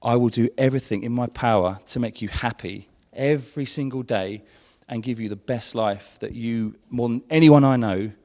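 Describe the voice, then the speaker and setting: A man's voice: mid-range voice, normal speed, few pauses, darkish tone, in a large hall. A man in his thirties giving a casual, sweary and emotional groom's speech at a wedding reception, with many restarts.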